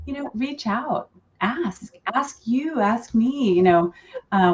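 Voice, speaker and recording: A woman's voice: mid-range voice, lively intonation, unhurried. Earnest woman therapist on a lo-fi recording. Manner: thoughtful, earnest, with light laughs. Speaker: relationship therapist, guest. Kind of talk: podcast interview. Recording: dull lo-fi sound.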